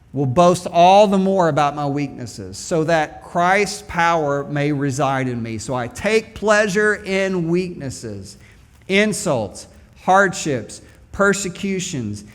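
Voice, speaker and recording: A man with a somewhat high voice delivers a church sermon, casual and animated, swinging from loud punchy lines to quiet asides. He talks like he is chatting with the congregation and calls out for them to answer back. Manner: animated, conversational preaching with call-and-response. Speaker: pastor. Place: church sanctuary.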